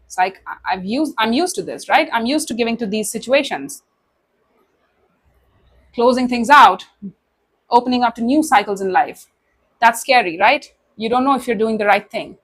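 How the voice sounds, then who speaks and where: With a slightly high voice at normal speed and long pauses, a tarot reader does a casual reading to camera. She addresses the listener directly, warm and emotive, with many asides and frequent "you know"s.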